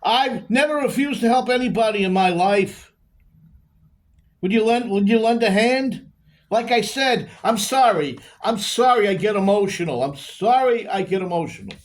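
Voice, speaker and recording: A high-voiced, rambling divorced man pours out his troubles, as performed by a man. He is confused and emotional, circling back to repeat lines and stretching words slowly in a halting monologue. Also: animated.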